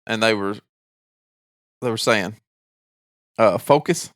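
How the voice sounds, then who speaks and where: Deadpan man with a country accent. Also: mid-range voice, moderate pace, dry recording, studio quality. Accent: rural country accent. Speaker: podcast co-host. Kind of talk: casual chat, storytelling.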